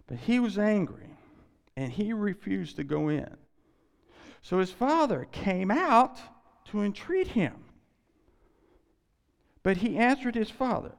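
A male pastor preaching a sermon on a scripture passage, animated and acting out the quoted lines. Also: high-pitched, takes it slowly, gravelly, pauses often. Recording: long hall reverb.

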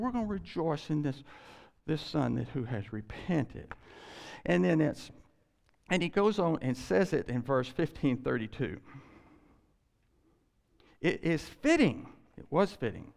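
Pastor, male, mid-sermon; gravelly, lively delivery that acts out the quotes, in a long-reverb church hall. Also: sits high, moderate pace. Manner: animated, acts out quoted lines with laughs. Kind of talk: sermon on scripture.

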